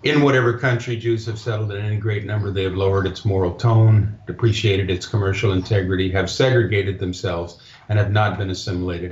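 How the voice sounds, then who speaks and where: A man speaking as a guest in a casual interview, hesitant, with many fillers and restarts. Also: low voice. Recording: echoey dull lo-fi line.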